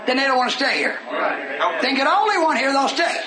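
An older man preaches in a strikingly high voice, folksy one moment and shouting with fervor the next. His sermon echoes through a hall, and a congregation murmurs behind him. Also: wildly swooping pitch, fairly quick, crowd noise. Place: church meeting hall.

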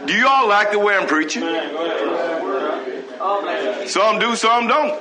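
A man's voice: high voice, lively intonation, a little slow, a loud crowd, poor audio. A man preaching a sermon, asking the congregation rhetorical questions. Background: congregation responding.

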